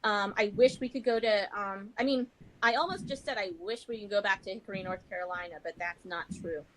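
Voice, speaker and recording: A woman's voice: mid-range voice, brisk, low-quality recording. A woman as a podcast guest, chatting in a rambling, self-deprecating way. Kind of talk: casual chat.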